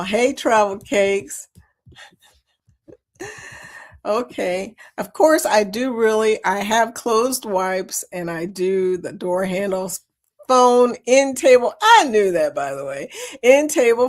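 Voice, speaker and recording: Woman host, mid-pitched voice, chatty and quick to laugh while reading comments on a live chat. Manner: chatty, laughs often, keeps saying y'all. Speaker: livestream host. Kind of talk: casual livestream chat, reading viewer comments.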